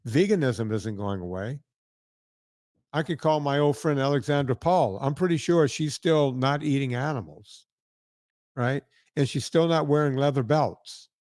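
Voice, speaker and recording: Man, podcast host, casual rambling storyteller, mid pitch, dry close sound. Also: measured pace, darkish tone, no echo. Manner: rambling, tag questions like "right?".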